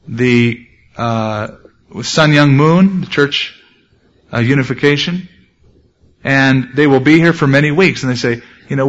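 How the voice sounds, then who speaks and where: A pastor delivering a sermon in a fairly high male voice. His tone is earnest and direct. He slows to a measured pace whenever he reads scripture. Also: fairly bright tone, rough recording.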